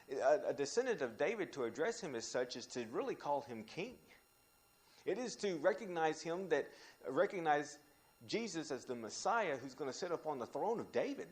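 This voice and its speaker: A man teaching a Bible study, talking in an animated way with restarts and sudden rises when he quotes scripture. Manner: animated, frequent restarts, pitch jumps when quoting scripture.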